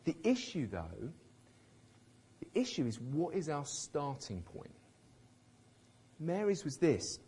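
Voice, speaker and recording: A man preaching a sermon in a conversational, emphatic way, with a slightly husky voice, acting out quotes with light humour. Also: mid-range voice, big pitch swings, measured pace, pauses often, darkish tone, a little hiss or hum.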